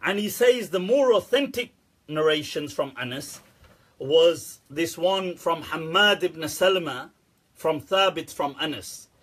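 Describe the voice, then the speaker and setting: A man holds forth in a casual, sarcastic rant, breaking into laughter and swearing freely. His voice sits high and has a husky edge. He talks loosely and bluntly. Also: animated, measured pace, fairly bright tone. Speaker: Islamic scholar answering questions. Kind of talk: casual ranting commentary.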